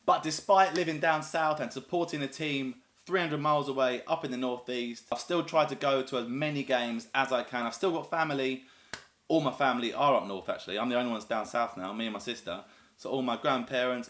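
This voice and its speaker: A man's voice: mid-range voice, fairly bright tone. Chatty southern English guy in an echoey room. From North East England, raised in the south of England. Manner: chatty, rambling and enthusiastic, lots of fillers. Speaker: YouTuber. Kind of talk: casual chat to camera.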